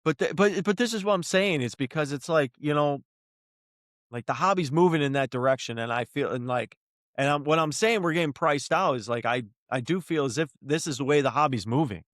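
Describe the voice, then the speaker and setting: Man co-host, higher-pitched voice, close dry mic, ranting and cursing in a heated podcast argument. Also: brisk, a bit bright, no echo. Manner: worked up, ranting, swears often. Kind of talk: heated casual podcast discussion.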